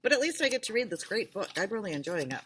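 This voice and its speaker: A woman's voice: mid-range voice, fast, a little hiss or hum. A woman who chats briefly and then reads a children's novel aloud chapter by chapter. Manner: casual greeting, then steady narration. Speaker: reader.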